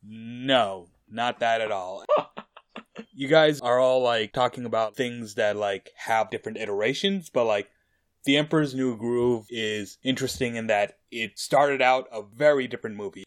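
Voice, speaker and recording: A man presenting a film on a casual group podcast, rambling with many fillers and little laughs. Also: mid-range voice.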